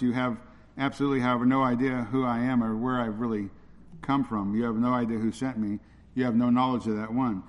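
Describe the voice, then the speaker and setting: Man, preacher, earnest, repetitive emphasis, mid-pitched voice, long hall reverb. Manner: earnest, repeats points for emphasis. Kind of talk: expository sermon.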